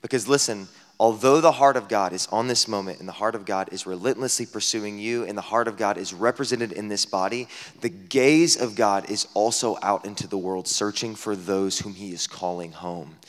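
A man preaching a sermon as a pastor at a camp gathering, talking conversationally with many rhetorical questions, dropping to a hush and then rising loud. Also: on the low side, normal speed. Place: camp meeting hall. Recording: long hall reverb.

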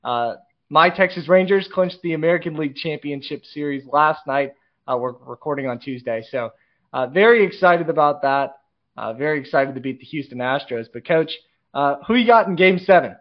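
A man with a slightly high voice, hosting a sports interview show and asking rambling, conversational questions. He talks over a video call, and the sound is muffled and lo-fi. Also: expressive, moderate pace. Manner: conversational, loose questions with many "uh"s. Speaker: show host. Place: home room with a chart on the wall.

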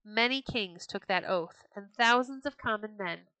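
A woman storyteller giving scripted storybook narration in a clear, steady reading voice. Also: medium pitch, measured pace, no echo, poor audio.

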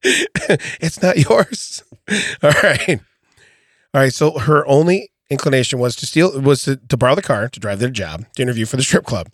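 A man's voice: mid-range voice, fairly quick, no room sound. A man co-hosting a comedy podcast in a studio, joking and laughing a lot as he tells a story. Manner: laughs often, riffs and jokes. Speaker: podcast co-host. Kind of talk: casual comedic chat. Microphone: studio mic.

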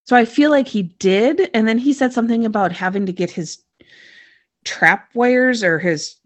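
A woman's voice: fairly high pitch, normal speed. A woman co-hosting a casual chat, rambling through a recap with lots of fillers. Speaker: podcast co-host recapping a TV episode.

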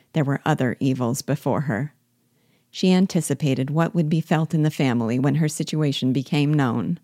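Brief: woman reading a classic novel aloud, low-pitched and warm, steady and clear. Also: no room sound, studio quality. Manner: measured, clear narration. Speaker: literature guide reading aloud.

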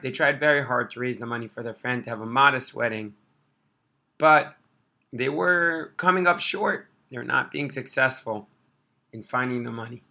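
A man telling an inspirational religious story in an animated, expressive way. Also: mid-range voice, gravelly.

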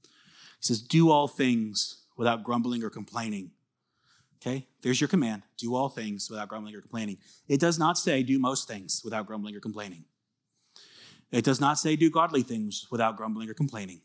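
A pastor preaches a sermon in a medium-pitched voice at a fairly quick pace. He's earnest and conversational, swinging between emphatic bursts and soft, confiding asides.

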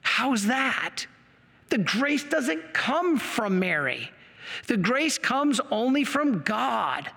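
In a hall with long reverb, a Catholic apologetics speaker gives a passionate slide lecture, growing worked up as he explains. His voice is extremely high and sing-song, very slow, with vocal fry, a sharp tone, and slight roughness.

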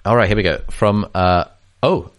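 A man co-hosting a podcast in casual chat, playful and laughing often, even while reading aloud. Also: lowish voice, normal speed. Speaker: podcast co-host.

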